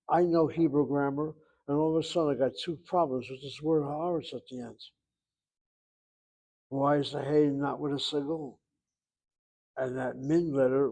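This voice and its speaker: A middle-aged man teaching Hebrew in a classroom lecture, thinking aloud and pausing to search for terms. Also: a little high, darkish tone.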